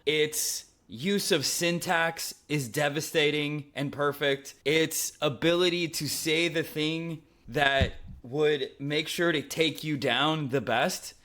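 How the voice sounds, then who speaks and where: A man hosts his podcast as a comedian, talking through a loose comedic monologue. He tells stories in an animated way and often checks in with the listener. He is recording at a friend's home. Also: fairly high pitch. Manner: animated storytelling, frequent "okay?" check-ins.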